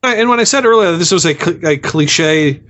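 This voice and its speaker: A man's voice: fairly high pitch, lively intonation, moderate pace, fairly bright tone, dull audio. A man co-hosting a casual movie review podcast, rambling and earnest, often stammering and repeating words. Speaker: podcast co-host.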